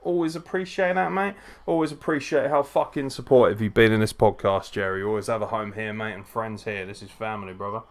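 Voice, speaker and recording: A man's voice: fairly low pitch, fairly quick. A man hosting a live wrestling watchalong, tipsy, chatty and profane as he reacts and greets viewers. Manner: profane, chatty, frequent swearing. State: tipsy from drinking. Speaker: wrestling podcast host.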